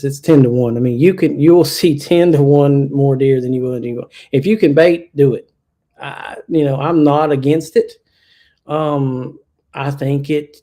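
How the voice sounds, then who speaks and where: In a casual podcast interview, a hunter from Kentucky speaks plainly, his talk full of fillers and restarts. He has a mid-range voice with a dark tone.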